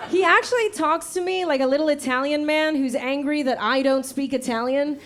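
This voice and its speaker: A woman in her thirties performing a stand-up comedy set on a stage mic, telling wry, punchy stories and slipping into quick character voices. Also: high voice, fairly even intonation. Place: comedy show before a laughing audience. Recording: live show with loud laughter behind.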